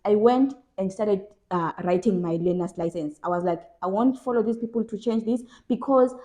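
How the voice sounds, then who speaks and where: Emphatic woman vlogger, mellow voice. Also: mid-range voice, moderate pace. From South Africa. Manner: emphatic, repeats phrases for stress. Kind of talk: casual advice vlog.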